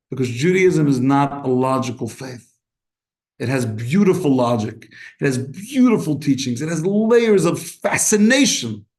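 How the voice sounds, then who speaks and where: Impassioned rabbi preaching in an echoey room. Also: male voice, sits high. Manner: animated, impassioned, acts out exchanges. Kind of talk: sermon.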